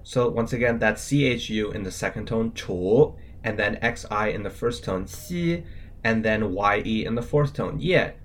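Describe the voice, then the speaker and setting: A man's voice: fairly low pitch, steady tone, normal speed, few pauses, fairly bright tone, a little hiss or hum. A man co-hosting a scripted language lesson, spelling out words letter by letter with their tones in a casual, upbeat way.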